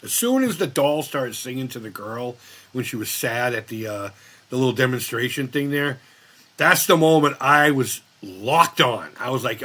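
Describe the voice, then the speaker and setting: Husky-voiced American man, rambling. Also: mid-range voice, expressive, normal speed, sharp tone. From United States. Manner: rambling, heavy swearing, laughs often. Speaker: live stream host. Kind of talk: casual live chat.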